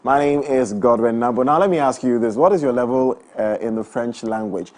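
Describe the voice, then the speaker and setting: A young man hosting a breakfast talk show, playful and quick to laugh, also reading live ads. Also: mid-range voice, a little mellow. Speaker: morning show host. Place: studio.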